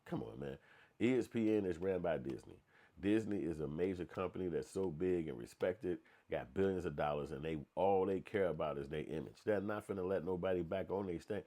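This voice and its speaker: Man, lowish voice, blunt, profane, slangy, opinion rant. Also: mellow. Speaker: commentator.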